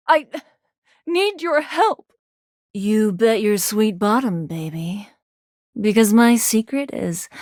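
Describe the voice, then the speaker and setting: A woman's voice: medium pitch, darkish tone, dry recording, studio quality. An actress voicing a brash, flirty, self-centered female video game character who is teasing and sarcastic but turns insecure. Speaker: voice actor. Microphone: studio microphone.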